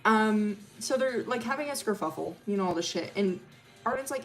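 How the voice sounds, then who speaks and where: A woman's voice: mid-range voice, expressive, moderate pace, soft background music. A young woman streamer retelling a story casually, rambling and cursing with lots of fillers.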